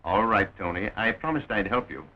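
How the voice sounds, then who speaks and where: An actor playing a steady police captain, brief and measured, with a dull 1920s film sound. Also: male voice, fairly low pitch, a little hiss or hum, close to an everyday voice.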